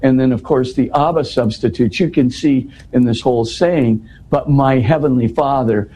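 Man with a warm low-key voice unpacking bible verses, lots of restarts and "you know"s. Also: normal speed, a little hiss or hum, poor audio. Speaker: guest explaining scripture. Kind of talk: conversational explanation.

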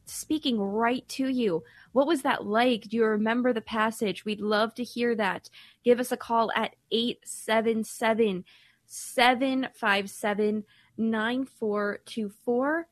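Host from Ireland, higher voice, chatty and quick, close dry studio mic. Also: female voice, no echo. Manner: chatty, quick, inviting callers. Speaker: radio host. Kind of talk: casual radio talk.

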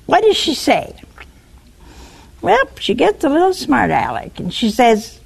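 A woman's voice: fairly high pitch, unhurried, vocal fry. A woman preacher delivering a sermon, talking straight to her listeners and asking them questions. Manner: animated, questioning the listeners directly.

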